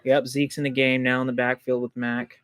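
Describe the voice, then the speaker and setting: Man, livestream football reaction host, mid-pitch, rambling, flares up over bad calls. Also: brisk. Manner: excitable, jumps to indignant outbursts at calls; loose and rambling, many ums and restarts. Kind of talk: live football reaction commentary.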